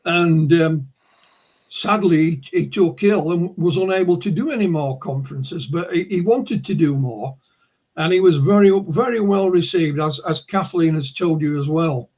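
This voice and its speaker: A man's voice: a little high, moderate pace, a little mellow. A man from the north of England with a northern English accent, an author answering interview questions in an anecdotal way. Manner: anecdotal, with repeated "you know" and restarts.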